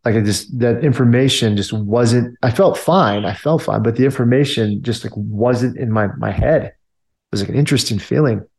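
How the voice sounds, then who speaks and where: A man's voice: medium pitch, normal speed, gravelly, a little mellow. A man and army veteran telling a story casually, filling his talk with "like" and "you know". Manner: loose, filler-heavy talk with many "like" and "you know".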